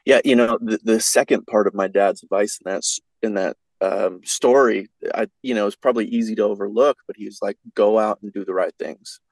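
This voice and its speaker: A man's voice: on the low side, fairly even intonation, brisk, vocal fry, few pauses, no room sound, low-quality recording. A man guesting on a podcast, telling a folksy, rambling story in casual chat with lots of fillers.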